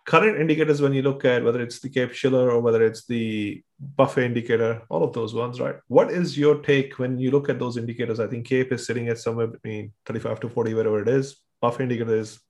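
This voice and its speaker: A man's voice: medium pitch, fairly even intonation, fast talker. Man, interviewer, curious questions, casual phrasing. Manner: inquisitive, loosely phrased questions.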